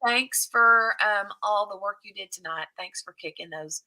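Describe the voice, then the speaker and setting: A woman's voice: mid-range voice, normal speed, bright, forceful tone, poor audio. A woman hosting a casual craft livestream, chatting and thanking her viewers and moderators. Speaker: livestream host.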